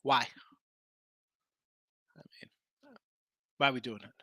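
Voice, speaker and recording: A man's voice: medium pitch, steady tone, takes it slowly, pushed and bright, dry recording. A man hosting a live sports betting show, tired and losing his voice, chatting casually about point spreads and answering viewers in the chat.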